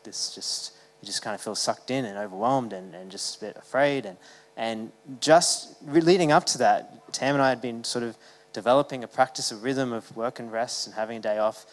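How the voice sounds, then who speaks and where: A man's voice: medium pitch, big-room sound, poor audio. A man giving a sermon as the church's pastor, talking in a casual, conversational way with many fillers and restarts.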